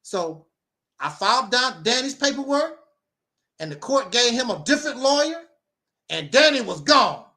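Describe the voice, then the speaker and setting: Man, high bright voice, rambling repetitive storytelling. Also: sing-song, moderate pace. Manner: rambling, repeats words and phrases. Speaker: guest sharing his story. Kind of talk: casual storytelling conversation.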